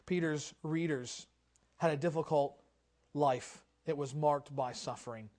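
A man preaching a sermon as pastor, impassioned, swinging from loud declarations to quiet, low passages. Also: measured pace. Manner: impassioned preaching with wide swings in loudness and pitch.

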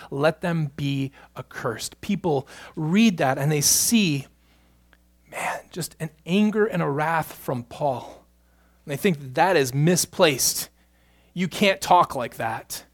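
Pastor, male, fairly high voice; preaches in swings from quiet and drawn-out to forceful and loud. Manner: swings between hushed, slow stretches and loud, emphatic bursts. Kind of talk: sermon.

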